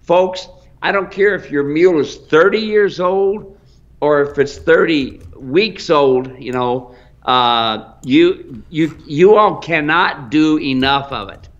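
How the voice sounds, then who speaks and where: A man's voice: on the high side, slow. A man with an American accent who owns a mule ranch, giving folksy training advice on a live stream and calling viewers folks. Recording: dull lo-fi live stream audio.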